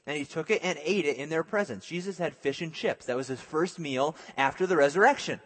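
Pastor, male, a touch high-pitched, relaxed and joking as he preaches, big echoing hall. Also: fairly quick, husky. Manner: conversational preaching with jokey asides. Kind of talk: sermon.

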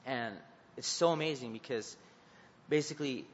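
A man preaching to students in a halting, earnest way, stopping and restarting often. His voice sits at an ordinary pitch and comes through slightly dull and muffled. A long reverb trails behind him in a large hall, with faint noise underneath. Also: a bit bright. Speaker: youth preacher. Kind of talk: informal sermon and prayer.

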